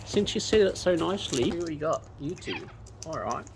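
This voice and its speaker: A woman filming wild birds outdoors feeds them while coaxing them in sing-song baby talk, speaking to them affectionately. Her voice is low, with lively intonation and normal speed, and a crowd can be heard in the noisy background.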